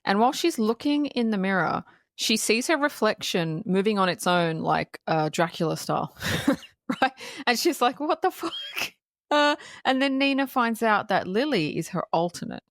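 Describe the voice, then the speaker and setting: A woman co-hosting a podcast in casual film-review chat, retelling scenes in an animated way with frequent laughs and swearing. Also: medium pitch, moderate pace, no echo, clean studio sound. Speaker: podcast co-host.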